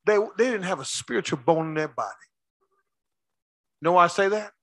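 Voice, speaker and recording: A male pastor preaching a sermon with call-and-response, swinging between shouts and low asides. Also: expressive, a little fast, no echo.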